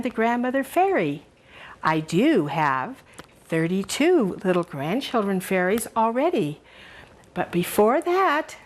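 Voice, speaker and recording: An older woman hosting a children's show, telling a fairy story and showing a cooking demo in a doting, sing-song way for small children. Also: mid-range voice.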